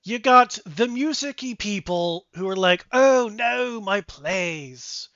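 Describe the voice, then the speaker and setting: A game master voicing a gruff male dwarf who mocks the party's names and flirts while rambling. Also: mid-range voice, animated, takes it slowly, fairly bright tone, no room sound, lo-fi sound, voice pushed up. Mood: sarcastic flirty. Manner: mocking, rambling. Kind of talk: tabletop game voice acting.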